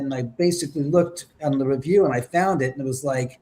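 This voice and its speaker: A man with a slightly high voice recounts his experiences as an interview guest. He tells it with a lot of life, acting out quotes, exclaiming and sometimes dropping to a whisper. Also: fast, hardly any pauses, a little mellow. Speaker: paranormal investigator guest. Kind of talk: animated storytelling in an interview.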